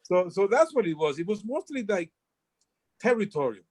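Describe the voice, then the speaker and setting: A man's voice: sits high, very animated, moderate pace, darkish tone, breathy edge, poor audio. An older man from the Republic, telling stories as an interview guest and often restarting his sentences. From Dominican Republic. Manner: rambling, frequent restarts and repeated words. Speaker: guest storyteller. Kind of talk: casual storytelling interview.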